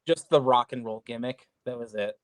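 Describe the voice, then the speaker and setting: A guest wrestler with a mid-range voice speaks at a moderate pace, casually telling a wrestling road story. He's a profane, rambling storyteller who swears often and keeps restarting sentences. The dry, low-quality audio comes from a remote call mic with audio trouble.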